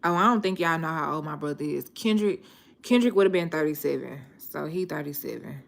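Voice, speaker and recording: A woman, chatting casually to her viewers and telling stories in a relaxed, slangy way. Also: low-pitched, a little fast, creaky. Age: 30s. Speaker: vlogger.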